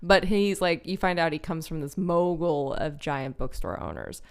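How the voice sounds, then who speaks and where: A woman's voice: low-pitched, animated, moderate pace, clear, resonant tone. A woman in her thirties co-hosting a podcast, talking casually, laughing a lot and swearing freely. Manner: laid-back, swears freely, laughs often. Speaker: podcast co-host. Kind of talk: casual chat.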